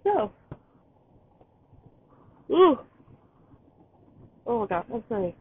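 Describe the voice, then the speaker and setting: A tired, allergy-stricken woman hosting a poetry podcast live, chatting in a rambling, excited way while sitting outdoors. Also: on the high side, very slow, husky. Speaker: podcast host reading poetry. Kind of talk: casual live-stream chat. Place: outdoors, train in the distance. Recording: tinny phone-like sound, faint outdoor noise.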